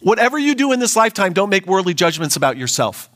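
A man's voice: sits high, sing-song, fast talker, a bit bright. A man preaching a sermon, earnest, reading scripture aloud and asking his listeners rhetorical questions. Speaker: pastor.

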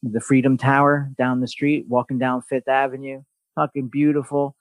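The recording has no echo as this medium-pitched podcast host talks at a moderate pace. His casual storytelling is blunt and animated, heavy on swearing and mocking, sarcastic comments.

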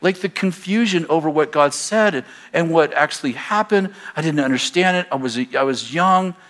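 Male pastor, sermon storytelling, slightly high voice, animated, casual filler words. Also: moderate pace. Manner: animated storytelling, acting out both sides of dialogue with laughter. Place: church.

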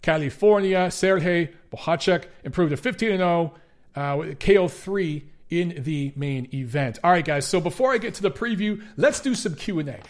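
Male host, high voice, casual profane commentary with Q&A. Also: normal speed. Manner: blunt, profane, chatty. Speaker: boxing show host.

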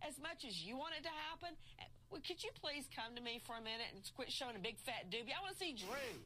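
A woman legal commentator arguing forcefully in a heated TV debate, scolding and emphatic. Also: a little high, expressive, fast. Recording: played TV clip with faint background noise.

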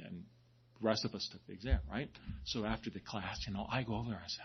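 A priest giving a sermon, telling stories in a chatty way and often asking "right?". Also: male voice, lowish voice, fast talker, breathy edge, lo-fi sound. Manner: conversational storytelling, frequent "right?".

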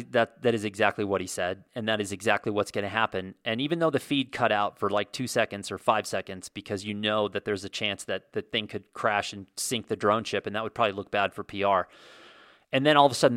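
A man in his forties telling a story in a casual monologue, animated and self-deprecating, as host of his own show. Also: fairly low pitch, dry recording, studio quality. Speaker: podcast host.

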